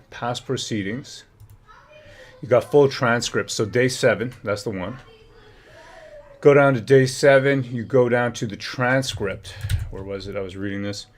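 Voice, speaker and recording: A man's voice: medium pitch, unhurried. A man hosting a political livestream, chatting and reading documents aloud. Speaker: livestream host. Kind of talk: casual livestream commentary.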